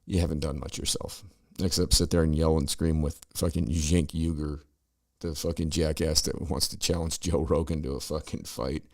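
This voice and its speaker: An extremely low-pitched, a little mellow voice with flat delivery carries this middle-aged host's profane political commentary at a moderate pace. He rants and swears sarcastically while reacting to news clips, in a dry recording.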